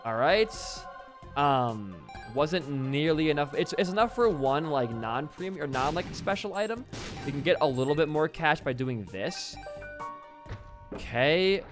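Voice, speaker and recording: Lively, excitable man commentating a game. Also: on the high side, unhurried, music in the background. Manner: excitable, swears freely, talks at the game. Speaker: gaming channel host. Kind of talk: live gameplay commentary.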